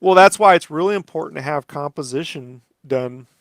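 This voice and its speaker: A man's voice: a little high, brisk, no echo, clean studio sound. A man, a comic artist, chatting casually while he inks, rambling with many fillers and the odd swear. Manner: rambling, lots of "like" and "you know", swears casually. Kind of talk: casual chat while drawing.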